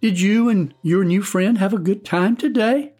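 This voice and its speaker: A man voicing a kindly mother of a young boy in a storybook, speaking in a gentle, caring way. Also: sits high, normal speed, soft background music, voice pushed up.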